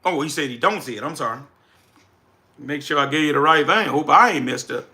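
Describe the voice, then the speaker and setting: A man from South Louisiana with a Southern accent, hosting a casual livestream and answering chat with energetic, repetitive, preacher-like emphasis. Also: on the high side, brisk. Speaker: livestream host, business coach.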